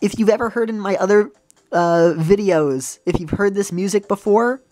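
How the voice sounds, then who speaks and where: A woman's voice: mid-range voice, moderate pace, warm tone. A woman hosting a let's play, chatting casually with giggles and self-deprecating asides. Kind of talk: casual gameplay commentary.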